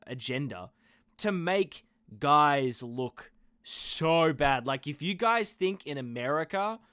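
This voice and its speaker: An Australian man hosts a live reaction stream, talking to viewers slowly and loosely, with plenty of swearing. His voice sits a little high, and the sound is dry and close. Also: pushed and bright, dry recording. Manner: loose, profane chatter to viewers. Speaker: livestream host. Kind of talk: casual live reaction commentary.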